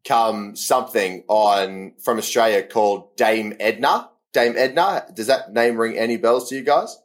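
A man co-hosting a podcast, easygoing and quick to laugh. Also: lowish voice. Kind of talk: casual chat.

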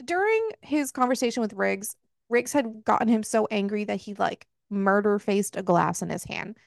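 Gravelly lady on a podcast mic, swearing her way through a book recap, dry sound. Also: mid-range voice, moderate pace, dry recording. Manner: profane, animated retelling with acted quotes. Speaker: podcast co-host. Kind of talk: casual book club chat. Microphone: close podcast mic.

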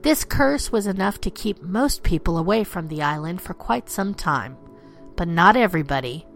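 Playful woman host spinning dark legends. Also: lowish voice, lively intonation, normal speed, faint music behind. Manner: playful, theatrical, slips into pirate talk. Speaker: podcast host. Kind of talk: storytelling narration of dark legends.

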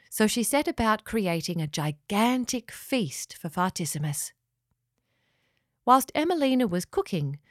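A woman reading a children's story aloud, gently and expressively, dropping lower on narration tags. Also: no room sound, studio quality.

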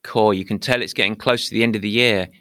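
A man's voice: lowish voice, steady tone, quick pace, pushed and bright. A British man hosting a podcast, talking playfully with theatrical mock indignation. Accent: British English. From England. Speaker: podcast host. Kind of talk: upbeat podcast monologue.

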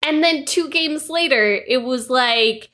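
A woman with a somewhat high voice tells stories on a podcast. She talks in a lively, animated way and swears freely. Her tone is casual, like a chat between friends. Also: unhurried. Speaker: podcast co-host.

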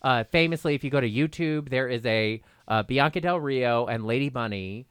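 A man's voice: medium pitch, moderate pace, clear, resonant tone, no room sound, clean studio sound. A man chatting as a podcast guest, rambling and gossipy with self-mocking humor. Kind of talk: casual comedic chat.

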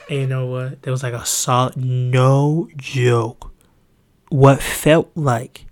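A man's voice: medium pitch, fairly even intonation, normal speed. A young man hosting a podcast, telling rambling, profane stories in casual chat. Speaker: podcast host.

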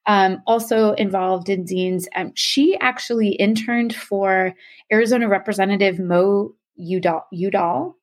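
A woman's voice: medium pitch, fairly even intonation, moderate pace. A young adult woman explaining a topic to a co-host in casual podcast talk, full of "um" and "like". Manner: chatty, many fillers like "um" and "like".

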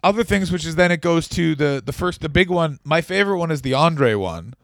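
A man's voice: fairly high pitch, lively intonation, a little fast, gravelly, fairly bright tone, no echo, clean studio sound. A man co-hosting a podcast in casual chat, laughing often and riffing with put-on quotes. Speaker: podcast co-host.

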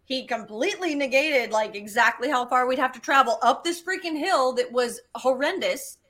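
Brief: woman guest, high bright voice, animated storyteller, salty language. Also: moderate pace. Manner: animated, swearing, acts out quotes. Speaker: guest geologist. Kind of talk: casual storytelling.

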